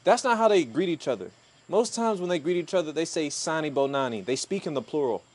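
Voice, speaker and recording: A man's voice: a little high, lively intonation, quick pace, a little mellow. Thoughtful, emphatic male podcast co-host. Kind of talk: casual conversational discussion.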